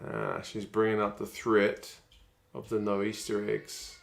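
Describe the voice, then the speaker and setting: A man's voice: on the low side, monotone, unhurried, vocal fry. A man, chatting casually on a live stream while watching rugby and reading out viewer comments.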